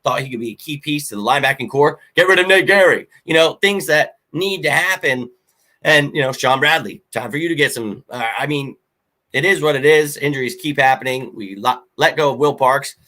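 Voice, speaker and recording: Male sports show host, casual and blunt, bright forceful tone, fan rant delivery. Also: on the high side, brisk. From Philadelphia. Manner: blunt, animated fan rant with frequent fillers.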